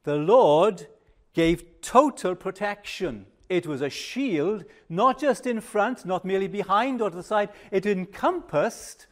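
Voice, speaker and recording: An older man preaching a sermon, measured and emphatic, dropping to a hush on reflective pauses. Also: high-pitched, expressive.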